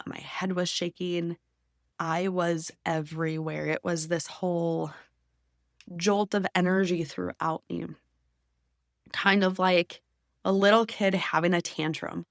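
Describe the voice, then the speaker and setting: Emotional woman podcaster, low gravelly voice. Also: no echo, studio quality. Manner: emotional, intimate, drops to whispers at times. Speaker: podcast host. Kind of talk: personal storytelling.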